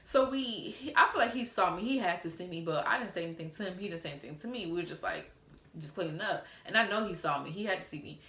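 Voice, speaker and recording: Girl from atlanta, low voice, chatty storytime, echoey room. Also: fast. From Atlanta, USA. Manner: animated, reads out texts in a playful drawl. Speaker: storytime vlogger. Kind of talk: casual storytelling.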